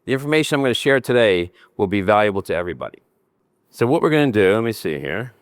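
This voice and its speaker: An older man from New Jersey delivers a conference talk in a lowish voice, animated and joking, gesturing as he speaks. The sound is dry and close, with no room echo. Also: quick pace. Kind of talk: conference presentation.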